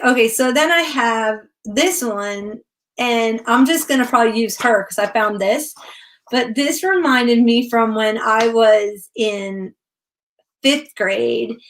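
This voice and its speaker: A woman's voice: on the high side, a bit bright, slight background noise. Chatty rambling woman crafting live. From Connecticut. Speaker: craft vlogger. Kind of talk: casual craft livestream chat.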